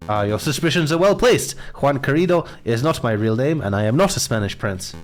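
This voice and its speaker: A man's voice: medium pitch, expressive, fairly quick, soft background music, close to an everyday voice. A man reading a visual novel aloud and voicing a theatrical, gallant male prisoner with a grandiose, storytelling manner. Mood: gracious.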